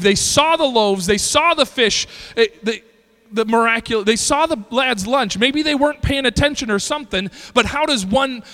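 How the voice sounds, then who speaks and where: A male pastor preaching a sermon, reading scripture slowly and breaking into shouted bursts. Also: very high voice, big-room sound.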